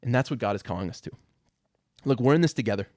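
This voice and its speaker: A man's voice: mid-range voice, expressive, quick pace, darkish tone, dry recording, studio quality. A young man hosting a Christian podcast, giving an impassioned motivational talk and often repeating words when stirred. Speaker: podcast host.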